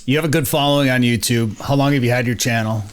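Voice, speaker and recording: A man's voice: medium pitch, steady tone, fast talker, clear, resonant tone. A man hosting a radio talk show, chatting in a friendly, jokey, upbeat way. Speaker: host. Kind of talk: casual chat.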